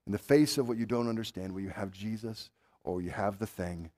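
A man preaching a sermon, swinging from loud urgent pleading to low, quiet intensity. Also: a little fast. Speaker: pastor.

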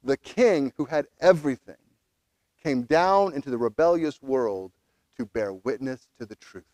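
A pastor preaching a sermon, animated, acting out quoted figures as he goes. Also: mid-range voice, normal speed, no echo.

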